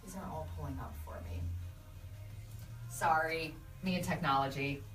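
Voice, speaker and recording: A young adult woman hosting a casual live video, reading viewer comments and telling animated stories about her kids. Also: deep voice, moderate pace, echoey room, distant mic, soft background music. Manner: chatty, animated storytelling with laughs. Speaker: radio host doing a live video.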